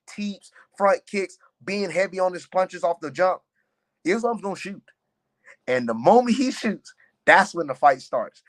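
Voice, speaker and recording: A young man, a fighter, chatting on a podcast and telling stories in a loose, animated way, full of "man" and "you know.". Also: sits high. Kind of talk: casual podcast chat.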